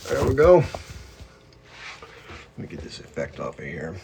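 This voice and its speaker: A man's voice: low-pitched, wildly swooping pitch, measured pace, creaky, a little mellow, a little hiss or hum. A man hosting a casual livestream from home, rambling and greeting viewers by name as their comments come in. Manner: self-described hyped-up talker. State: chewing while talking. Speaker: livestream host. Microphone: phone.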